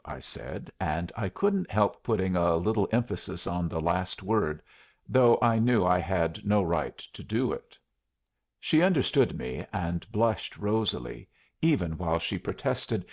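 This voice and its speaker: Gravelly, husky male audiobook narrator. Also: sits low, lively intonation, measured pace, darkish tone, lo-fi sound. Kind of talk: first-person audiobook narration.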